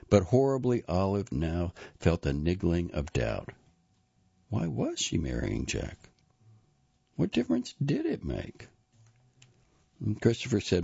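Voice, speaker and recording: A man narrating an audiobook in a measured, even storytelling manner. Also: low voice, vocal fry, breathy edge, no room sound, muffled recording. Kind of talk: scripted literary narration.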